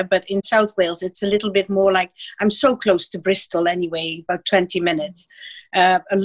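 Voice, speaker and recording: Thoughtful Dutch-native woman guest. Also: mid-range voice. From Netherlands. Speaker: guest, former translator. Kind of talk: casual conversational interview.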